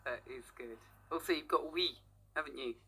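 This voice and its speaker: A woman's voice: low voice, moderate pace, bright, forceful tone, slightly rough. A woman presenting a casual morning radio show, chatty and teasing, laughing often.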